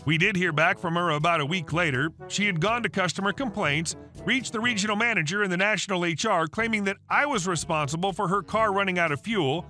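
A man narrating a scripted story in a steady, uninflected text-to-speech manner. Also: high voice, fairly quick, hardly any pauses. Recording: faint music underneath.

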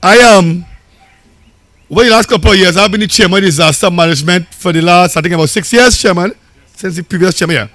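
A Trinidadian man addresses a campaign rally as a local council chairman. His voice is high and bright, recorded dry and close. He talks in a loose, storytelling way and repeats phrases for effect. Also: fast talker, no echo.

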